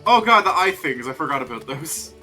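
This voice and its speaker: A man chatting casually while streaming a video game, jokey and excitable, laughing often. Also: fairly high pitch, brisk, soft background music. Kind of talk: casual gameplay chat.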